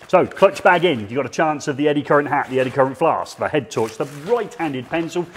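A middle-aged man hosting a live stream, chatting and joking in a relaxed banter with his co-host. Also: medium pitch, a little hiss or hum. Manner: jokey, chatty presenter banter.

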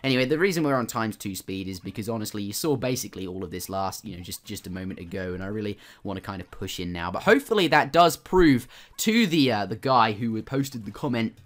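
Male gaming host, casual voice-over commentary, slightly low voice, chatty with restarts. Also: fast talker, few pauses, a bit bright. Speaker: gaming YouTuber. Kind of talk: gameplay commentary.

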